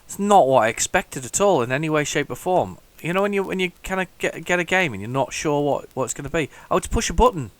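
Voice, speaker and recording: Rambling, excitable male retro gamer. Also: on the high side, fast talker, hardly any pauses, dry recording. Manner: rambling, thinks aloud with many restarts; excitable bursts over the game. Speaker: retro gaming channel host. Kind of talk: casual gameplay commentary.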